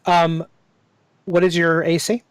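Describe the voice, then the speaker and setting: A man narrating as game master in a tabletop game, descriptive and unhurried, with many fillers. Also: fairly high pitch, monotone, smooth, dry recording.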